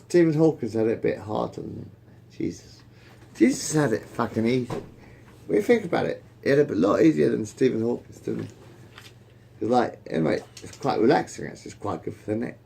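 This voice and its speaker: A man's voice: medium pitch, sing-song, moderate pace, gravelly, mellow, breathy edge. A man casually telling a joke among friends, rambling, restarting often and swearing freely. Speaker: joke teller.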